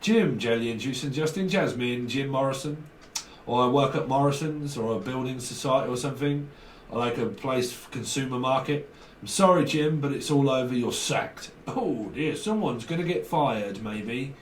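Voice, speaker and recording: A man's voice: medium pitch, moderate pace, distant mic, slight background noise. Man reading tarot in an echoey room. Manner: acts out exchanges with slang, laughs often, swears. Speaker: tarot reader. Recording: echoey room, voice a little off-mic.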